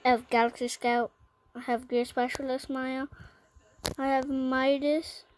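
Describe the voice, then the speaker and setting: A female gaming channel host in a casual vlog, listing items one by one with plenty of ums and pauses. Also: high voice, flat delivery, a little mellow, a little hiss or hum, rough recording.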